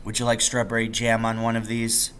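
A man's voice: medium pitch, completely flat delivery, fairly bright tone, clean tone, lightly acted. A male teacher voicing a sly, secretive father in a storybook reading, drawing out his words conspiratorially. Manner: slow, drawn-out, conspiratorial.

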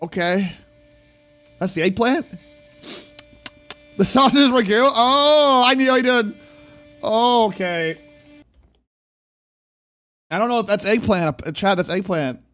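Excitable high-voiced young man reacting. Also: slow pace, pauses often, faint music behind. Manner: excitable, jokey, talks back at the screen. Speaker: streamer reacting to a TV clip. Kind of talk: casual reaction commentary.

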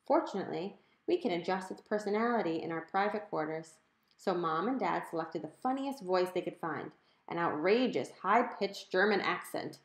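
A woman narrating a children's novel aloud in a clear, conversational storytelling manner. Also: fairly low pitch, lively intonation, normal speed. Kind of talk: audiobook narration. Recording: roomy echo.

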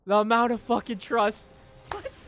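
A young man reacting to an anime episode, swearing freely and shouting with excitement. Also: high-pitched, a little slow. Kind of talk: live reaction commentary.

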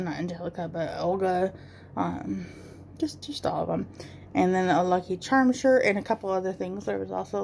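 Woman, 30s, home makeup vlogger; chatty rambler with a gravelly edge, faint hiss behind. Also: fairly low pitch, darkish tone. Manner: rambling, chatty, swears casually. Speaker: beauty vlogger. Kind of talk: casual rambling chat while doing makeup.

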